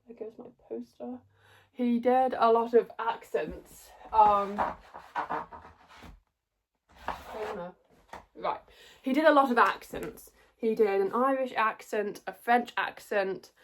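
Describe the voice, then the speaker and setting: A woman's voice: a little high, slow pace, long pauses, slight background noise. A young woman giving a casual, rambling spoken review, often correcting herself and trailing off. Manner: rambling, self-correcting, chatty. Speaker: theatre reviewer.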